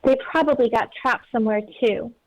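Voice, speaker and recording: A woman's voice: on the high side, fairly quick, close to an everyday voice. A woman voicing a wounded young woman fighter who speaks insistently. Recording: dull lo-fi mic.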